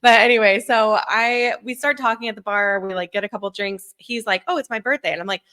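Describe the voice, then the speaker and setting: Bright-voiced woman telling a story. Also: on the high side, fairly quick. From Southern California. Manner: animated, acts out quotes, laughs often. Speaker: podcast co-host. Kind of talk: casual storytelling chat.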